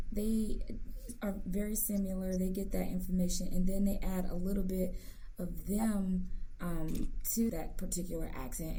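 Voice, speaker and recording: Woman host, mellow tone, chatty, encouraging, casual interview. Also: lowish voice, poor audio. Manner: chatty, encouraging, with many fillers.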